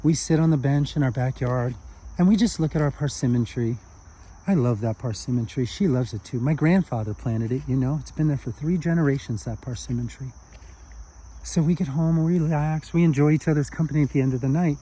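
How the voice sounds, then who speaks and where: A man voicing a gentle, cheerful little old Japanese man who chats kindly and warmly. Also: medium pitch, a little fast, husky, lightly acted. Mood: warm chatty. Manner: kind, chatty, lifting.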